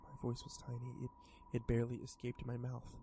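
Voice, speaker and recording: A man narrates a first-person horror story on stream. His delivery is steady with small stumbles, and a faint hum of noise sits behind him. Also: medium pitch, a little fast. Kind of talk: horror story narration while modding a game.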